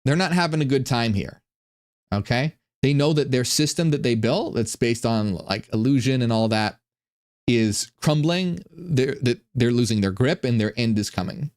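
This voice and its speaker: A man giving casual, irreverent commentary on ancient texts, animated and full of stumbling restarts. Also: medium pitch, normal speed. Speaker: online religion commentator.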